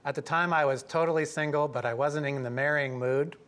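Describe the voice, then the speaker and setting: Man telling a lively story, higher voice. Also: brisk. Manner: lively, acts out quoted voices. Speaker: professor telling a story at a talk. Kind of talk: animated storytelling to an audience.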